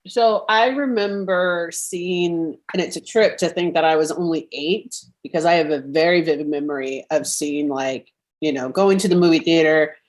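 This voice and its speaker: A woman in her thirties with a somewhat low voice chats casually on a podcast. She rambles with animated energy, full of fillers and quick laughs. She comes through a remote call microphone. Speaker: podcast guest. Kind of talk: casual chat.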